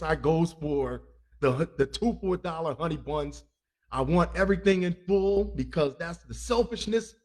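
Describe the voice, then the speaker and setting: A man hosts a comic news podcast in a loose, rambling way, cracking jokes and cursing freely. His voice sits a bit higher than most men's. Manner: rambling, joking, laughs often, profane. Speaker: podcast host. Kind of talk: comic crime news talk.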